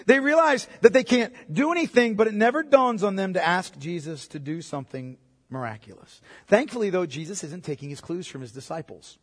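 A middle-aged man preaching a sermon, conversational and animated, with joking asides. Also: sits high, a little fast. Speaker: pastor. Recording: reverberant hall.

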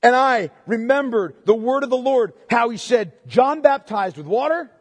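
A man with a strikingly high voice preaches an expository sermon in a large church sanctuary. He pushes each point with emphasis and keeps checking in with his congregation through tag questions. His voice trails off into a long, echoing hall reverb. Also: lively intonation, normal speed. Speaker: pastor.

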